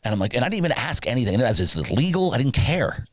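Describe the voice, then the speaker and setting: A man, a guest on an interview podcast, telling a long personal story in a casual, animated way and acting out the people in it with sudden high pitch jumps. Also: rapid-fire, no room sound. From Southern California. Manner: animated, acts out dialogue with big pitch jumps. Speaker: podcast guest, sleep business founder.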